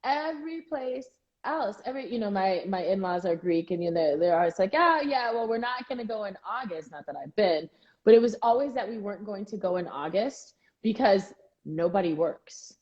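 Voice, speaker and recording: A woman co-hosting a casual chat, talking in quick asides with frequent restarts. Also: medium pitch, lively intonation, dark tone, dull audio. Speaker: co-host.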